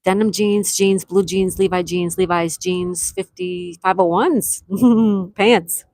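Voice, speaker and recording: A woman hosting a casual live-stream trivia game, greeting viewers by name, reading their chat replies aloud and repeating questions slowly. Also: lowish voice, steady tone, darkish tone, dry recording. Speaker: livestream trivia host.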